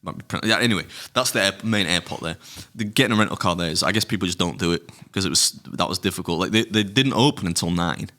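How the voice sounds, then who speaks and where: Fast-talking, bright-voiced deep man. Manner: rambling anecdotes, frequent swearing and laughter. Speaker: podcast co-host. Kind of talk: casual chat, storytelling.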